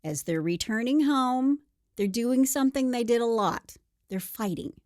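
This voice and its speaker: A woman's voice: fairly high pitch, animated, a little slow, darkish tone, no room sound, studio quality. A woman co-hosting a podcast, telling a true crime story casually and acting out the quotes with playful voices.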